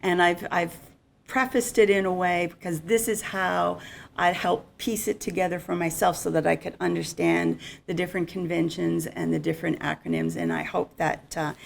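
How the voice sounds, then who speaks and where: A woman's voice: on the low side, creaky, a little hiss or hum. A middle-aged woman giving an unscripted, conversational conference presentation on insurance. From Canada.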